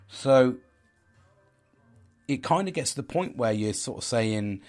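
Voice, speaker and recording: A man's voice: mid-range voice, expressive, takes it slowly, a little mellow, faint music behind. A middle-aged man, hosting a casual podcast chat, rambling and restarting his sentences, swearing freely and laughing at himself. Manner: candid, blunt and laughing at himself. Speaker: podcast host.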